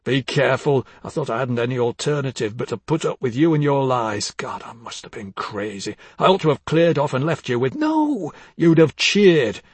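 A man's voice: medium pitch, big pitch swings, moderate pace, hardly any pauses, breathy edge, dry recording. A man reading as a bitter, jealous husband. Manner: bitter, accusing, swings from hushed to harsh. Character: bitter, jealous older husband, bullying and weary. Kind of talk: dramatic audiobook reading.

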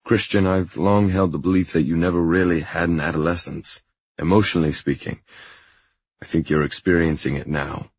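A man reading an audiobook, voicing a patient male therapist who speaks in a measured, reassuring way. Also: low voice, fairly even intonation, husky, muffled recording. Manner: measured, reassuring, slightly exasperated.

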